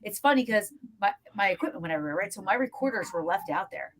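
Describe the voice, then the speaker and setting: A woman guest, a paranormal investigator, telling stories in a lively, casual way with lots of fillers. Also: mid-range voice, quick pace, slight background noise. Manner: animated storyteller, acts out scenes, frequent fillers. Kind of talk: casual storytelling interview.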